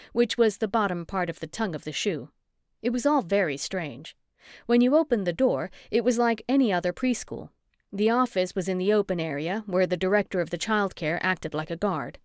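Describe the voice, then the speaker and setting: A woman reading a first-person cozy mystery audiobook with steady, clear storytelling. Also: medium pitch, dry recording, clean studio sound. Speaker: audiobook narrator.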